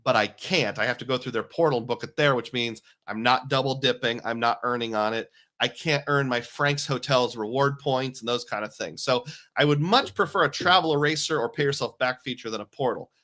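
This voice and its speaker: A man's voice: medium pitch, brisk, bright, forceful tone. A man hosting a casual livestream, talking in a chatty, jokey, self-deprecating way and reading out viewer comments. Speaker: host.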